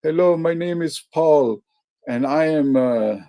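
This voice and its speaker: A man's voice: a little high, measured pace, warm tone, voice pushed up, natural voice. Man putting on a timid call-center guy, polite, raised voice, hesitant.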